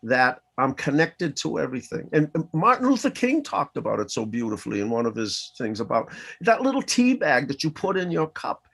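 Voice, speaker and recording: Older man, Boston-area native, lively storyteller who plays out every voice, voice sits a bit high. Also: gravelly, breathy edge. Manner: animated, acts out dialogue in voices. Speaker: interview guest. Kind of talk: personal storytelling.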